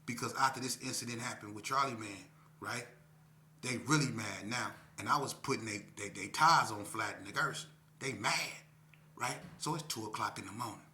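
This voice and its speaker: A middle-aged man from Las Vegas spins a tense street story with a very bright, sharp edge to his voice. He talks casually and animatedly, jumping into high-pitched shouts when he acts out what people said. The sound carries a roomy echo. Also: fairly quick, a little hiss or hum. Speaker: guest telling his life story. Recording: echoey room.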